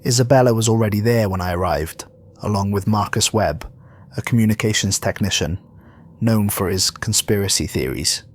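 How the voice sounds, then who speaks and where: A man reading a scripted horror story in a measured, somber way. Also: on the low side. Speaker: narrator.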